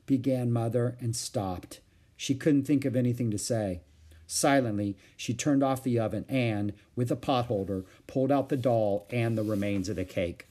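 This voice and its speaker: A man reading a children's book aloud in an expressive, storytelling manner. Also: mid-range voice, moderate pace, slightly rough. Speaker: storybook reader.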